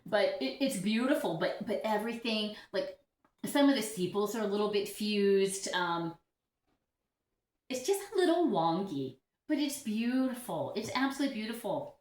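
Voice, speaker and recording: A woman's voice: medium pitch, expressive, moderate pace, darkish tone. Chatty, giggly woman in an echoey room. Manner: chatty, giggly, self-deprecating. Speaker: orchid vlogger. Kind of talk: casual vlog chat. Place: home room with orchids.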